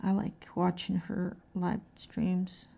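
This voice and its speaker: Woman, raspy creaky voice, casual rambling art-stream chat, muffled lo-fi sound. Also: fairly low pitch, completely flat delivery, slow pace. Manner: rambling, soft-spoken, thinks aloud. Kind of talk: casual chat while coloring.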